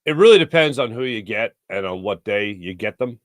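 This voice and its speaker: A man's voice: on the low side, animated, a little fast, no room sound, studio quality. A man hosting a sports talk show, telling stories in a chatty, self-mocking way. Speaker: podcast host. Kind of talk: casual monologue.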